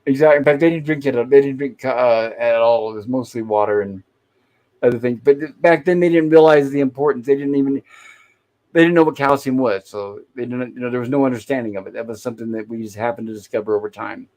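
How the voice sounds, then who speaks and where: A man's voice: medium pitch, quick pace, darkish tone. A man hosting a casual livestream, recapping an old sitcom episode and acting out bits of dialogue as he goes. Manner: retells scenes, briefly acting out lines. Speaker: podcast host reviewing a classic sitcom.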